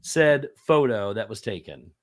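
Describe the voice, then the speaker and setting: A man from Indiana hosting a casual chat, telling stories in an animated way and chuckling often. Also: on the low side, measured pace. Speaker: podcast host.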